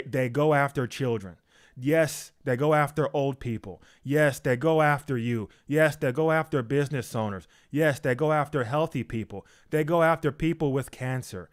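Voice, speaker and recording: A man preaching an informal sermon, emphatic and repetitive, acting out quoted excuses in a higher voice.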